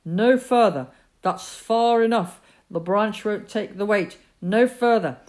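A woman's voice: fairly low pitch, animated, normal speed, dark tone, natural voice. A woman reading a story aloud, voicing a bossy, blustering middle-aged father who scolds and gives orders. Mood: sharp shouting. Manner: gruff, scolding, confident.

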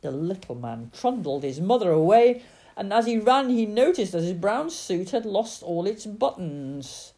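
A woman's voice: mid-range voice, very animated, a little slow, dark tone. Sing-song woman reading a storybook.

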